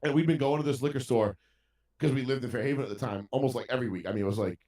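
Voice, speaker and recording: A man's voice: medium pitch, racing, darkish tone. A man telling a story in casual podcast chat, ranting with heavy profanity. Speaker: podcast co-host. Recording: roomy sound from a distant mic.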